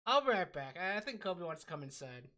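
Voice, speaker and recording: A woman's voice: lowish voice, big pitch swings, fast talker, bright, forceful tone. A woman streamer chatting casually through a game, greeting chat and reacting with amusement. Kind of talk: casual gameplay commentary.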